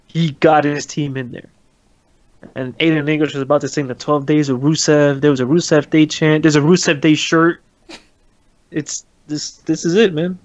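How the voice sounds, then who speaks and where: A man's voice: on the high side, steady tone, normal speed, lo-fi sound. A man casually chatting about wrestling as a podcast co-host, laughing often and swearing casually.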